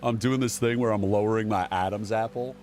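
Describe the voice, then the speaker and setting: A man's voice: fairly low pitch, steady tone, a little fast, a little mellow, soft background music. A man giving casual, sarcastic political commentary, rambling and reading headlines aloud as a show host.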